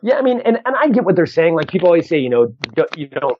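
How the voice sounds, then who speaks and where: Rambling comedian on a dull video call. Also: male voice, fairly high pitch, quick pace, slight background noise. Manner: rambling, animated, restarts often, acts out quoted exchanges. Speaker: comedian guest. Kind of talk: casual podcast interview storytelling.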